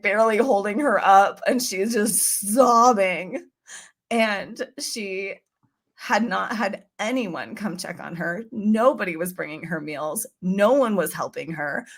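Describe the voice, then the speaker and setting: A woman's voice: mid-range voice, fairly bright tone. A woman guest on a podcast, telling a personal story in an earnest, chatty way and acting out her own past thoughts.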